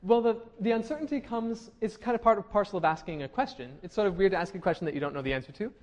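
A man's voice: sits high, lively intonation, very fast, darkish tone. A man teaching a linguistics class, explaining step by step and often checking in with his students. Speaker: linguistics lecturer. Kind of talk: classroom lecture.

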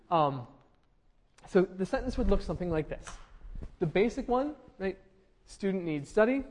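A man's voice: high-pitched, expressive, normal speed, pauses often, a little mellow. A young man teaching a linguistics class, explaining patiently and often checking in with students, with frequent ums. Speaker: linguistics instructor. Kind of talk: classroom lecture.

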